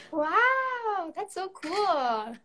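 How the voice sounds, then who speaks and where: A woman's voice: extremely high pitch, sing-song, very slow, a crowd in the background. A young adult woman hosting a live painting session, upbeat and encouraging, chatting casually as she paints. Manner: encouraging, upbeat, laughs often. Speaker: live-stream painting host. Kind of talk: casual chat while painting.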